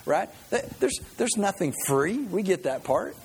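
Husky-voiced male pastor preaching. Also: sits high, sing-song, unhurried. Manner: conversational preaching with rhetorical questions. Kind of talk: sermon.

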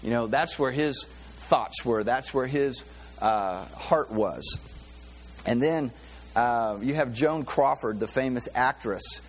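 A pastor giving a sermon in a loose, conversational way, with many fillers and restarts. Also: male voice, medium pitch. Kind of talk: sermon with a joke.

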